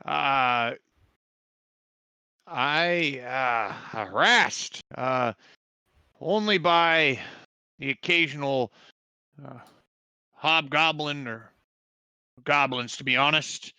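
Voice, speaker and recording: A hospitable but guarded village chief speaks haltingly in a tabletop game, as a man puts him on. The voice is a touch raised, slow and bright. The sound is dry and close. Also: mid-range voice, clear, resonant tone, dry recording, voice pushed up, exaggerated voice. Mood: cautious. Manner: hesitant, halting. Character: male mining village leader, cautious, hospitable.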